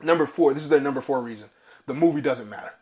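A man's voice: medium pitch, fast talker, dark tone. A man co-hosting a casual movie podcast, swearing freely and reading articles aloud between asides. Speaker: podcast co-host.

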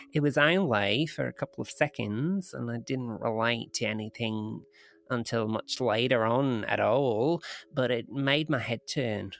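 A man doing an Australian woman recounting a strange encounter, in a put-on Australian accent. The voice sits at an ordinary middle pitch and tumbles along loosely, catching on its own words. It reads like a podcast host performing a listener's story. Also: unhurried, vocal fry. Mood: rambling, amused. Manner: breaks into laughter mid-story, stumbles over words.

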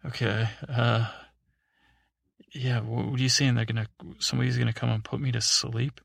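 A man's voice: medium pitch, little pitch movement, normal speed, gravelly, no room sound, clean studio sound. A man voicing a curious male alien who asks probing questions, in a sleepy bedtime story.

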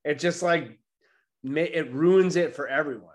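Exasperated comedian telling a rant. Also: male voice, fairly high pitch, unhurried. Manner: swearing, exasperated storytelling. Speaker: stand-up comedian and podcast host. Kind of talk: casual podcast chat. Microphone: remote video call.

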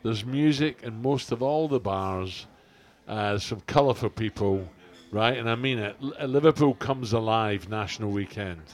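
A man's voice: lowish voice, moderate pace. Older guy co-hosting, rambly jokey stories, lots of uhs. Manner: chatty, jokey, rambling anecdotes with fillers. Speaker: podcast co-host. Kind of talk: casual chat and storytelling.

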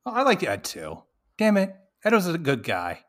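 A man's voice: a little high, huge pitch swings, normal speed, a bit bright. A man co-hosting a podcast, chatting casually about a movie with joking asides. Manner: joking asides, laughs often. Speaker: podcast co-host. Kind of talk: casual movie recap chat.

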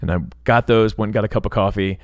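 A man's voice: fairly low pitch, fairly even intonation, quick pace, no room sound, studio quality. A man co-hosting a podcast in casual chat, telling rambling anecdotes and laughing easily. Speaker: podcast co-host.

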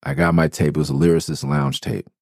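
A Los Angeles podcast host rambles through profane stories about his early days in music, often correcting himself. His low voice is creaky and darkish, very animated, and quick. The studio-quality recording has no room sound.

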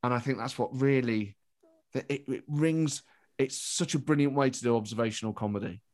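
A British comedian with a mid-range, slightly mellow voice talks briskly and animatedly as a podcast guest. In this casual interview chat, he often restarts his thoughts mid-sentence.

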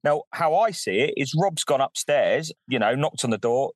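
A man's voice: mid-range voice, animated, moderate pace, few pauses, dry recording, low-quality recording. A man co-hosting a podcast, making a blunt, frustrated argument. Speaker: podcast co-host. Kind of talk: casual podcast chat.

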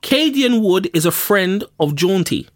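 A man from North London with a London accent, co-hosting a podcast and telling a story in casual, slangy chat full of shout-outs. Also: high-pitched, big pitch swings, a little slow. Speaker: podcast co-host.

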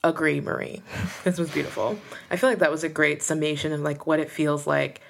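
A woman's voice: low-pitched, steady tone, fairly quick, creaky, a little hiss or hum. A woman co-hosting a podcast in casual chat, emphatic and laughing often. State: asthmatic. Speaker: podcast co-host.

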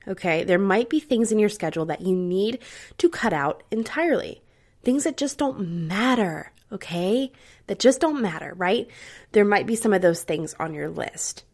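A woman hosting a podcast, giving casual, upbeat advice to her listeners and often checking in with tag questions. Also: medium pitch. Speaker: podcast host.

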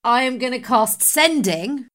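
A woman playing a tabletop game, chatty and quick, often restarting her sentences. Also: on the high side, lively intonation, a bit bright. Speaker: player. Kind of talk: casual tabletop play.

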